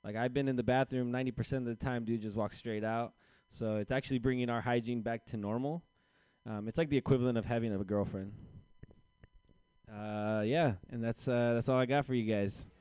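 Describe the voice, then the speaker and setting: A young man working through a stand-up set, telling a self-deprecating story and slipping into quick voices for the people in it. His voice is smooth and clean, and the sound is dry and close. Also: mid-range voice, steady tone, a little mellow, no echo. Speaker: stand-up comedian. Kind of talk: stand-up set at an open mic.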